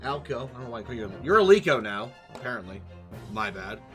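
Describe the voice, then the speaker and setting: A man's voice: mid-range voice, big pitch swings, fast talker, a bit bright, faint music behind. A young man streaming a video game, rambling and joking playfully as he plays. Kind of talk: casual let's-play commentary.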